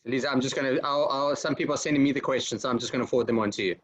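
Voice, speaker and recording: A man's voice: medium pitch, rapid-fire, a bit bright. A man moderating an online session, speaking hurriedly and stumbling over his words.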